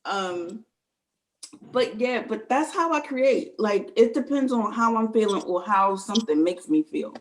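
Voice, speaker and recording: A woman's voice: mid-range voice, lively intonation, unhurried, low-quality recording. Earnest woman guest rambling in casual chat.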